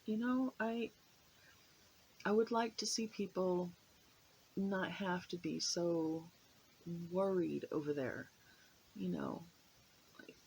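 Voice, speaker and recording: A woman's voice: lowish voice, slow, gravelly, pauses often, a little mellow, a little hiss or hum, poor audio. An American woman talking to her viewers in a rambling, hesitant way, with many fillers and restarts. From United States. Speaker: vlogger. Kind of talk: casual chat to camera.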